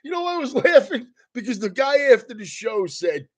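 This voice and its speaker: A man with a high, husky voice rants casually like a comedian. He swears constantly and laughs his way through his sentences. The delivery is loose, animated and profane. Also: normal speed.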